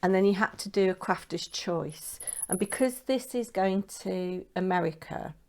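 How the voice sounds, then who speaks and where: A woman's voice: mid-range voice, normal speed, a little mellow. A middle-aged British woman chatting casually to camera at home as she shows her handmade crafts, rambling along. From United Kingdom. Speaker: craft vlogger.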